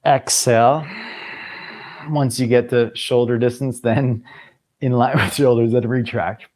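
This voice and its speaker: A man guides a yoga class, calling out inhales and exhales and steering the students through each pose. He talks in an easygoing way at an ordinary pitch, with a small catch in his throat that keeps coming back. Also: measured pace. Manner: cueing breath and movement, relaxed with small apologies. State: clearing a tickle in his throat. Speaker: yoga teacher.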